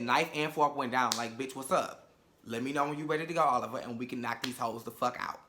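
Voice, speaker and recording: A sassy man rants through a reality show recap in a bright, forceful voice that sits a little high. He talks in a casual, animated way, full of profane, campy asides. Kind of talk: casual episode review.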